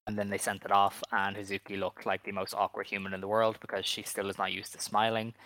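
A man's voice: fairly low pitch, completely flat delivery, fast, sharp tone, no echo, poor audio. A man co-hosting a podcast in rambling casual chat, hesitant and full of filler words. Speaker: podcast co-host.

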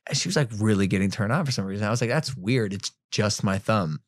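A man in his twenties chatting casually on a podcast, telling crude stories and jumping loud and high at the punchlines. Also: fast, no echo, studio quality. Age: 20s. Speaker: podcast guest. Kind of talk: casual chat, animated storytelling.

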